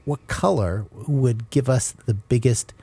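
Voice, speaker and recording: Gravelly, husky man in wry banter. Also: medium pitch, unhurried, warm tone, no room sound. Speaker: podcast co-host. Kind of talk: casual chat.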